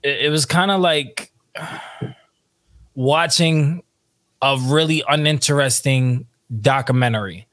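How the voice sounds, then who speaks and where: A man's voice: mid-range voice, slow pace, pauses often, fairly bright tone, dry recording. Easygoing man chatting casually. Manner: easygoing, agreeable, brief interjections. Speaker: podcast co-host. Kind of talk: casual chat.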